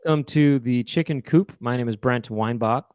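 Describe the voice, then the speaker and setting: A man's voice: mid-range voice, moderate pace, darkish tone, clear, resonant tone, no echo, muffled recording. A man co-hosting a live chat show, rambling casually with laughs and you-knows.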